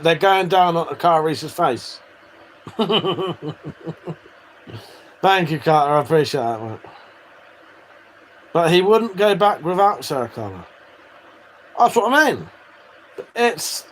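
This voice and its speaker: A man's voice: on the high side, a little hiss or hum. A British man chatting casually with viewers on a live stream, swearing freely and bantering. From United Kingdom.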